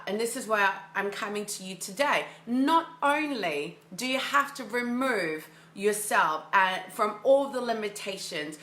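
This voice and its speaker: With a medium-pitched, slightly bright voice echoing through the room, this woman gives a motivational monologue as a mindset coach. Her delivery is loose and eager, heavy on fillers, and she often says things twice for emphasis.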